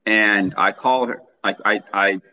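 Young male co-host, low voice, rambling storyteller, dull lo-fi sound. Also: steady tone, unhurried. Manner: rambling anecdote teller, restarts often. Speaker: podcast co-host. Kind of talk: casual storytelling.

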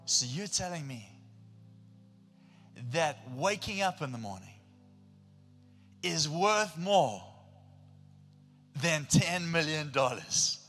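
A man's voice: on the high side, animated, takes it slowly, long pauses, a bit bright, heavily acted. A man voicing a wealthy male life coach who presses with pointed, repeated questions. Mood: grave. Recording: long hall reverb with faint music.

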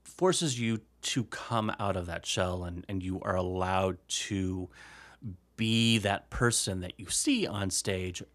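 A man's voice: low voice, slow, no echo. A man guest on a podcast, chatting casually with lots of laughter and playful voices. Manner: animated, laughs often, slips into silly voices. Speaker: podcast guest, former improv player. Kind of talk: casual conversation.

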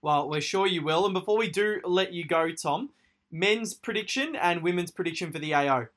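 Male host, fairly high voice. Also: lively intonation, normal speed, a bit bright. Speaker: radio show host. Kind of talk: casual interview chat.

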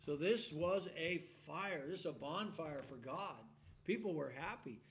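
A male preacher giving a sermon in a folksy, animated storytelling way, often laughing as he acts out a shouting congregation. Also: fairly high pitch, unhurried, slight background noise.

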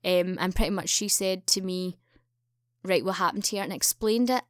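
A woman's voice: normal speed, dry recording, studio quality. A young woman telling a story in casual chat, acting out the quoted lines with a lifted voice. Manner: animated, acts out quoted dialogue with raised pitch. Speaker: podcast guest.

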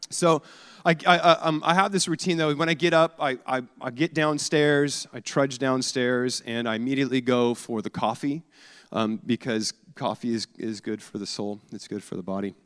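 A man in his forties delivers a sermon as a loose, personal chat, full of ums and false starts. He pokes gentle fun at himself as he tells his stories. His mid-range voice rings out through a large hall with a long reverb tail. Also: mid-range voice, steady tone, a little fast. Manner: casual and self-deprecating, frequent fillers and restarts. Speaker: pastor.

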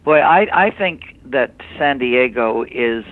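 Older guy on the phone, tinny line, gushy storyteller, average pitch. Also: expressive, slow. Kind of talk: casual phone chat.

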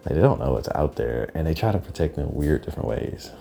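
Gravelly very deep-voiced rambling man. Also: lively intonation, fast, slight background noise. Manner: profane, rambling, drifts into hushed unvoiced asides. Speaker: podcast host. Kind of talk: rambling monologue.

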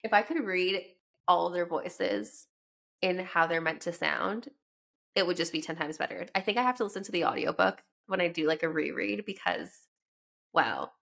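A woman's voice: fairly low pitch, moderate pace, creaky, fairly bright tone. A young Canadian woman hosting a casual book podcast, chatty and laughing as she drifts into tangents, speaking while sick with a cold. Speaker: podcast host.

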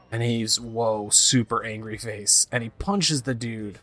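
A man's voice: medium pitch, normal speed, hardly any pauses, bright, forceful tone, soft background music. Man casually narrating a game he plays. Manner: reads game dialogue aloud in put-on voices. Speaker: game streamer. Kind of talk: casual let's-play commentary.

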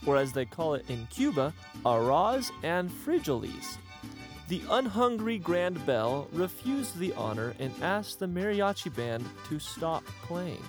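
A man narrating an absurd comic story in a mock-grand, deadpan manner. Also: fairly high pitch.

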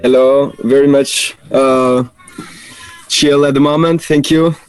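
A man with a French accent, a musician guest, talking in a relaxed, thoughtful way with many pauses and fillers, out in his backyard. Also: mid-range voice, soft background music, rough recording. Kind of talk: casual interview chat.

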